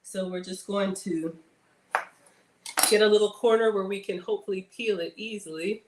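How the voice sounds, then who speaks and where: A woman's voice: mid-range voice, steady tone, normal speed, a little mellow, roomy sound, a little hiss or hum. A woman hosting a casual cooking livestream, chatting to viewers as she works. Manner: chatty, addresses viewers as y'all; playful outbursts and sing-song bits.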